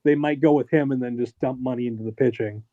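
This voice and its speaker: A man on a sports podcast giving measured analysis, thinking aloud with fillers. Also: medium pitch, steady tone, no room sound. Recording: dry, slightly dull lo-fi sound.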